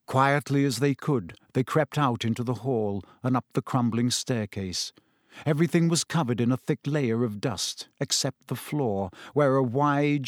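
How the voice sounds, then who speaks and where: A man reading a story aloud in a measured, suspenseful narration. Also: medium pitch, no echo, studio quality. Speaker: audiobook narrator. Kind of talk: scripted narration.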